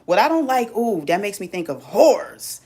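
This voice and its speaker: A woman's voice: mid-range voice, sing-song, moderate pace, warm tone. A woman hosting a live stream, talking casually to her viewers in a sassy, teasing, slangy way.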